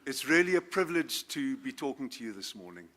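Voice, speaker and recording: A South African man in his seventies, a former judge, giving a formal speech to a school assembly. He speaks in a measured, formal way and lifts his voice on key words. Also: medium pitch, very animated, fairly bright tone. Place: school assembly, speaker standing before students.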